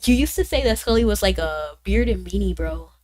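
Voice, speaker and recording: A woman streaming a game, chatting casually with viewers in a bubbly way, with sudden high exclamations. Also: animated, a little fast, a little mellow, low-quality recording. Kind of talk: casual gaming stream chat.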